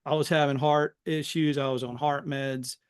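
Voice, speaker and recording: A middle-aged man from Philadelphia, the guest on a podcast, telling his life story in an animated, casual way and dropping "man" into nearly every line. His voice is smooth and resonant, sitting a little high for a man. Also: moderate pace. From Philadelphia, USA. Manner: animated, says "man" constantly.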